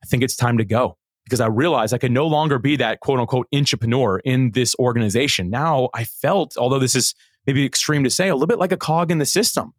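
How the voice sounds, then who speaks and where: A middle-aged man talks fast as a podcast guest, his story tumbling out with eager repeats and restarts. His voice sits at an ordinary pitch and sounds close and dry. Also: no room sound. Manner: animated, earnest, frequent repeated starts. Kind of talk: conversational storytelling.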